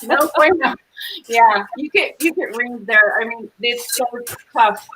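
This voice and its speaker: High-voiced woman co-host, bright tone, lively and laughing, faint kitchen noise behind. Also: measured pace, low-quality recording. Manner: animated, laughs easily. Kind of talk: casual chat.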